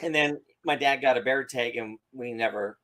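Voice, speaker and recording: A man co-hosting a podcast, telling a story in a casual, animated way and acting out the quotes. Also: mid-range voice, normal speed. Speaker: podcast co-host.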